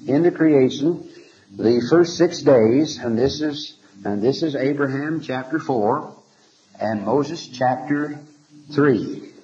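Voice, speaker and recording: A man's voice: mid-range voice, dark tone. Man lecturing on old lo-fi tape. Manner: checks in with rhetorical questions; halting, repeats words while thinking. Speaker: religious lecturer. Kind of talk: scripture lecture to a class. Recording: lo-fi archival lecture tape with faint hiss.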